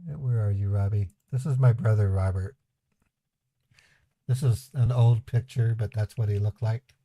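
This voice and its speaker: Man, livestream host, rambling chuckling stories, warm dark tone, dry close sound. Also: fairly low pitch, a little slow, dry recording. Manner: rambling, chuckling anecdotes with voiced quotes. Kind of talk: casual storytelling to a live chat.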